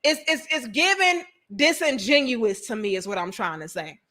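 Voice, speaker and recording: A woman host giving casual commentary straight to her viewers. Her voice is high and bright. She talks slangy and blunt, teasing the audience and swearing freely. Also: sing-song, moderate pace.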